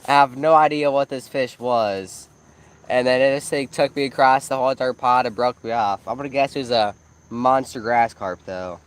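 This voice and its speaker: A man's voice: medium pitch, moderate pace, clear, resonant tone, poor audio. A man chatting casually on a live night fishing stream outdoors by a pond, telling fishing stories and asking viewers to choose the bait. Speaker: fishing channel co-host.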